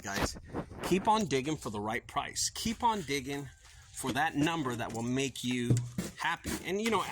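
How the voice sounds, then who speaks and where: A middle-aged man runs a junk removal business and tells a sales story in a casual outdoor vlog, acting out both himself and the customer. His voice is bright and forceful, with pitch that swings widely. A faint hum of outdoor noise sits behind him. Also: low-quality recording. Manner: animated storytelling, acting out both sides of conversations. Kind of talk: casual talking-to-camera vlog.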